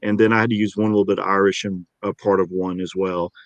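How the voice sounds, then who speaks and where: A man's voice: sits low, little pitch movement, fast talker, dry recording, dull audio. A man with a Georgia accent, an easygoing and chatty voice actor being interviewed. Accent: Georgia, US South. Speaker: voice actor guest. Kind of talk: casual interview talk.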